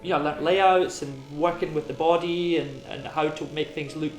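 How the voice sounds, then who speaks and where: A man's voice: on the high side, fairly even intonation, normal speed, echoey room, soft background music. A Scottish man from Edinburgh, a tattoo artist talking in a documentary interview, rambling and full of "you know". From Edinburgh, Scotland.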